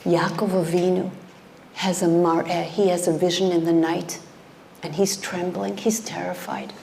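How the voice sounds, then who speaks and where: A middle-aged woman giving an impassioned sermon, dropping into hushed whispers to stress her points. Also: on the low side, flat delivery, moderate pace, creaky, slight background noise. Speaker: speaker at a community event.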